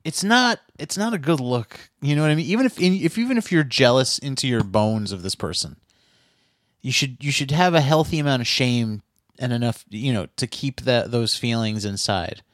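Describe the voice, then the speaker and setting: A man co-hosting a casual podcast, giving animated, profane opinions and advice. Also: medium pitch, normal speed, no echo, clean studio sound. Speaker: podcast co-host.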